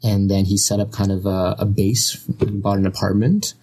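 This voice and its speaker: A man's voice: fairly low pitch, flat delivery, moderate pace, warm tone, slightly rough. A man in his thirties, born in Russia and raised in Canada, chatting easily as a podcast guest. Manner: easygoing, laughs often, many fillers. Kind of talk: casual conversation.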